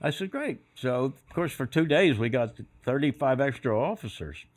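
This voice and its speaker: A man's voice: mid-range voice, expressive, moderate pace. An older man on a podcast as a guest, telling anecdotes and acting out other people's voices in quotes. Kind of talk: storytelling anecdotes.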